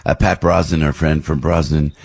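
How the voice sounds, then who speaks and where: A man's voice: a bass voice, level tone, moderate pace, creaky, slightly rough, no echo, studio quality. A man hosting a radio interview, affirming his guest often and rambling as he talks. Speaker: radio host.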